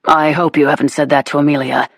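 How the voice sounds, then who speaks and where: A woman voicing a weary young duke in a historical audiobook, speaking in her own low, gravelly voice. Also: level tone, fast. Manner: weary, groaning. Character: weary young man, new duke, groaning.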